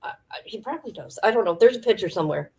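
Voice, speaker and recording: Talking very fast in an expressive, creaky, mellow mid-range voice, a female livestream host dishes celebrity gossip. She's chatty and addresses her viewers head-on.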